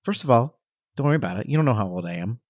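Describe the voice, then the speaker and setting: A man's voice: mid-range voice, expressive, racing, no room sound. Brief: male podcast co-host, easygoing, laughs a lot, dry close mic. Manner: self-deprecating, laughs often. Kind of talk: casual chat.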